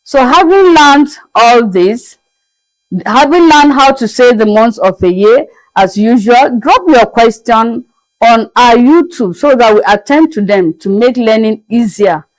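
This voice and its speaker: A woman teaching a French lesson, speaking slowly and repeating each word carefully for her learners. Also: a little high, animated, no room sound, rough recording. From Nigeria. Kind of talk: classroom language lesson.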